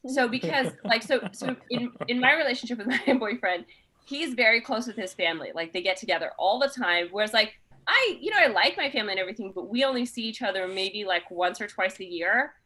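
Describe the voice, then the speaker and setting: Bright lively woman podcast host. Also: fairly high pitch. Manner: reads listener questions aloud, laughs often, quick opinions. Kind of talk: casual comedy chat.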